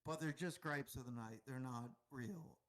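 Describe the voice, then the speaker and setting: A man's voice: mid-range voice, moderate pace, fairly bright tone. A man co-hosting a casual talk show, rambling and swearing freely and putting himself down. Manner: profane, rambling, self-deprecating. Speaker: departing co-host. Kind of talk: casual podcast chat.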